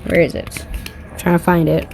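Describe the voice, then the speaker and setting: A woman doing a casual tarot card reading, reading slowly from a card book and then ranting with heavy swearing. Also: on the low side, level tone, gravelly, background noise. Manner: profane, heated ranting with bursts of laughter; slow, deliberate reading aloud.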